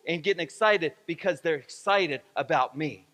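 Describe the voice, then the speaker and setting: A man preaching in a church sanctuary, his voice high and bright, carrying a long echo off the hall. He leans on repetition, circling the same phrases again and again for emphasis. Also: moderate pace, hardly any pauses. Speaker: pastor. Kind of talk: sermon.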